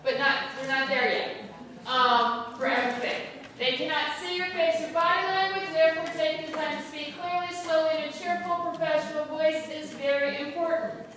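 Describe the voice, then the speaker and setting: A woman teacher giving a brisk, instructive classroom lesson, tending to talk fast, recorded from far off in a large echoey room. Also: high voice, steady tone, fairly bright tone. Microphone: camera far from the speaker. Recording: echoey hall audio from far off, background noise.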